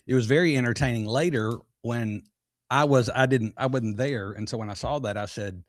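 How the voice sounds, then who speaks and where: A man's voice: mid-range voice, normal speed, no room sound. Easygoing Texan man, dry close sound. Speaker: podcast co-host. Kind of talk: casual live podcast chat.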